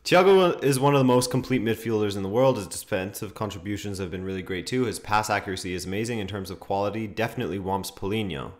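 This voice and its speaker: Talking fast with few pauses, a young man with a lowish voice hosts a stream where he watches football along with his audience. He reads viewer comments, chats casually, and bursts into laughs and exclamations at the match.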